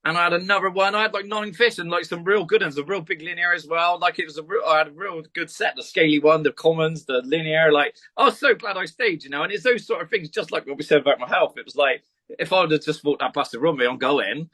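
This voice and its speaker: Fast, bright-voiced man telling a story. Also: fairly high pitch. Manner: rambling, swears freely, with lots of fillers. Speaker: podcast guest. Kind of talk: casual storytelling chat.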